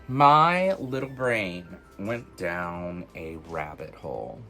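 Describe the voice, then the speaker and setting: A man casually telling personal stories in an animated, chatty way, full of fillers, for his witchcraft vlog. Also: sits low, slow, hardly any pauses, soft background music. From United States. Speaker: witchcraft vlogger.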